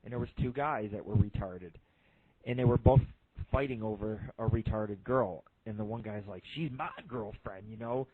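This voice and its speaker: Heard through a lo-fi line that sounds like a phone, a man with a lowish voice runs an internet radio show at a moderate pace. The recording is dry, and he rambles profanely through crude jokes full of fillers.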